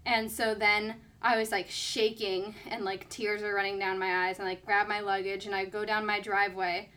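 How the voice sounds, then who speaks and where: A woman's voice: medium pitch, little pitch movement, moderate pace, pushed and bright, clean tone. A young woman telling a personal story in casual chat, full of fillers and acted-out quotes. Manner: chatty, lots of "like", quoting others.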